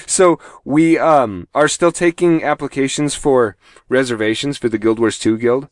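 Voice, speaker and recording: A man hosts a gaming podcast in a loose, rambling way. He pokes fun at himself and laughs easily between announcements. His voice is mid-pitched and sounds close and dry, with no room around it. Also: no room sound. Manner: rambling, self-mocking, quick to laugh. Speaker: podcast host. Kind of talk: casual podcast chat.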